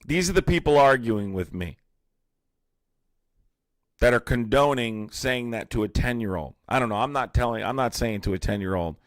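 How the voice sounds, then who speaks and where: A man's voice: medium pitch, animated, moderate pace, dry recording, studio quality. A young man hosting a livestream, reading viewer comments aloud and answering them in a heated, confrontational way. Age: young adult. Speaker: livestream host. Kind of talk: live-stream chat, reacting to viewer comments.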